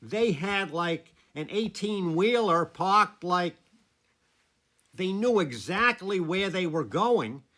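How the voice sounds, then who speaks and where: Guy, animated storyteller, bright forceful voice a bit high, chuckles between lines. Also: takes it slowly. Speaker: former teacher telling a story. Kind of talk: casual spoken storytelling.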